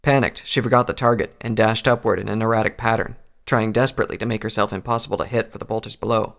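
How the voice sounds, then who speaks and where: Man narrating a story, steady delivery, deep and gravelly. Fits audiobook fiction. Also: fast talker. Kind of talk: scripted narration of fan fiction.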